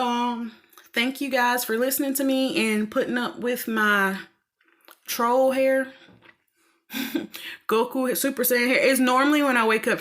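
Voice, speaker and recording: Southern lady rambling on in a home vlog, chatty, kinda high voice, laughs a lot. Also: fairly bright tone. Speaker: vlogger. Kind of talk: casual chat. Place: home, doing laundry.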